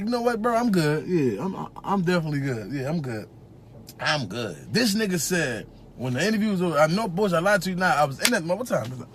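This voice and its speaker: A man with a Philadelphia accent tells a profane, animated comic story live on a phone held at arm's length. His voice sits very high and swings widely in pitch. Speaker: social media personality.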